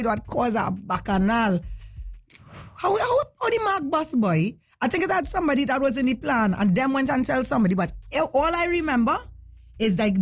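A woman's voice: on the high side, husky. A woman hosting a radio call-in show, teasing callers and telling her own stories in casual chat. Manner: playful, teasing, storytelling.

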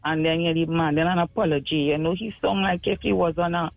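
A man's voice: on the high side, steady tone, quick pace, creaky. A man calling in to a radio show, rambling with lots of "you know" fillers. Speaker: caller. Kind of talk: call-in radio chat. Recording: tinny phone line, dry.

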